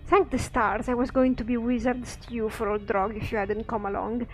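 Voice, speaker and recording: A woman's voice: fairly high pitch, flat delivery, moderate pace, faint music behind, close to an everyday voice. A woman reading a grateful rescued man. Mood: relieved. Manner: read aloud plainly.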